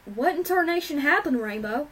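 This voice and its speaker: A woman voicing a tough, family-loving country farm mare who talks gruff and demanding, in a homemade storybook reading. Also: high voice, expressive, moderate pace, a bit bright, voice pushed up. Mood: angry.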